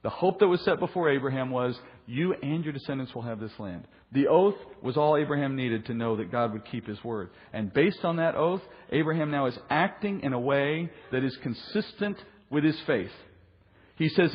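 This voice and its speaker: A middle-aged man, a pastor, teaching a Bible study sermon in an earnest, explanatory way that lifts in pitch for emphasis. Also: animated, brisk, slightly rough. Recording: long reverb, dull lo-fi sound.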